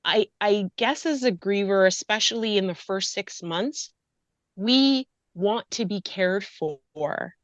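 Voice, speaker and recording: A grief and loss coach, a woman with a mid-range voice, talks slowly as a guest in a deeply emotional personal interview. Her delivery is earnest, impassioned and pleading, and she's nearly crying. The recording is dry and lo-fi.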